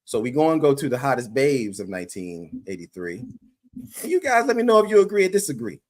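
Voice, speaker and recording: A man co-hosting a reaction show in casual, profane, animated chat, laughing often. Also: medium pitch, fast talker. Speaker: co-host of a reaction channel.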